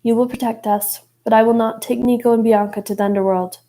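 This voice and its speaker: A woman voicing a calm, defiant mother with an Italian accent. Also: fairly high pitch, fast talker, natural voice.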